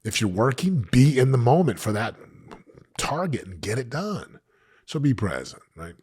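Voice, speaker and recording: A man's voice: medium pitch, big pitch swings, normal speed, a little mellow, breathy edge. A man in his late forties giving an emphatic motivational talk to camera on his podcast, often repeating phrases for effect. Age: 40s. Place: podcast set.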